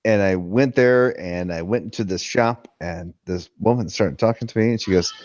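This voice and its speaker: A man's voice: lowish voice, normal speed. A man on a veterans' panel, telling stories in a casual chat and swearing freely. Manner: profane, animated storytelling. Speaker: panel member. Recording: dull lo-fi sound.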